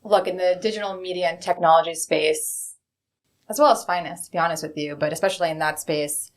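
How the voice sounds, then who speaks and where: A woman in her thirties, a bank executive, speaks as an interview guest and frankly tells stories from her career. Her voice sits on the low side and moves fairly quickly, with a candid, conversational storytelling manner.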